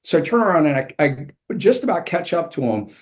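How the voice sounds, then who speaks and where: A man's voice: fairly high pitch, very animated, a little fast. A man, an author and executive coach, telling a vivid personal story as a guest in an interview.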